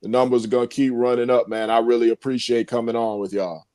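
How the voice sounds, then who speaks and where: A man's voice: mid-range voice, flat delivery, fast talker, dark tone, no room sound, clean studio sound. A man from New Orleans, guesting on a casual football talk stream, easygoing and calling folks "y'all.". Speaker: guest, sports talk host.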